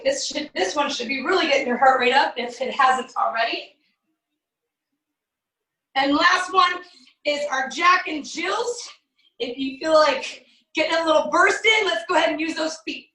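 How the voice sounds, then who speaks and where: A woman fitness coach giving energetic step-by-step workout cues and counting out the moves. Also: sits high. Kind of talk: guided workout instructions. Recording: echoey room, distant from the mic.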